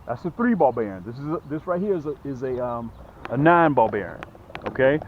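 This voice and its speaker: A man hosting a fishing vlog from a boat outdoors, chatty and excited, talking straight to his viewers. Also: medium pitch, a little fast. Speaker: fishing channel host. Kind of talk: casual fishing vlog commentary. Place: on a small boat outdoors on a lake. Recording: dull lo-fi outdoor audio with faint noise.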